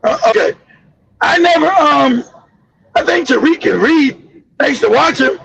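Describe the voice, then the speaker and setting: A man hosting a live stream, ranting loudly and animatedly with profanity. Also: very high-pitched, lively intonation, measured pace, creaky, very noisy. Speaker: stream host.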